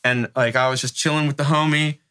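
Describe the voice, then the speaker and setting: A man's voice: mid-range voice, fairly even intonation, brisk, sharp tone, clean tone. A middle-aged man from Northern California, an interview guest telling a long casual story in profane street slang, peppered with "like" and "right?". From North Bay, California.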